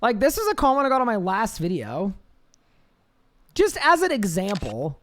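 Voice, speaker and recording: A man with a high-pitched voice, chatting casually on a live game stream, reading chat aloud and rambling with restarts. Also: huge pitch swings, moderate pace, fairly bright tone.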